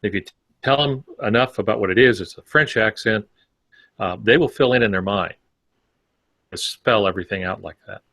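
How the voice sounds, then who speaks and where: A man with a fairly low voice co-hosts a writing podcast and works through his points in long, rambling turns. The sound is dry and close, with no room around him. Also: normal speed, gravelly, pauses often, a bit bright, dry recording. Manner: rambling, filler-heavy explanations. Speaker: podcast co-host. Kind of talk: casual discussion.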